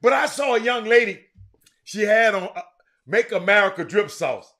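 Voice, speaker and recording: A middle-aged man hosting a sports talk show, chatting casually and teasing viewers in the comments with loud, animated outbursts. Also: high voice, moderate pace. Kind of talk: casual live-stream chat reading the comments.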